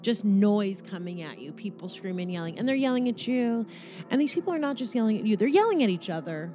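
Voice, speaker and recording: A woman's voice: medium pitch, animated, fairly quick, warm tone, faint music behind. Casual, swearing meditation guide, woman. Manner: casual, joking, swears freely.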